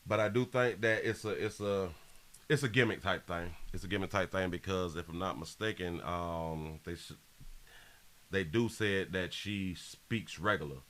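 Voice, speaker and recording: Slangy, low-voiced male livestream host. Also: moderate pace, fairly bright tone. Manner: repetitive, slangy, reads out viewer donations. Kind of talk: casual live-stream commentary.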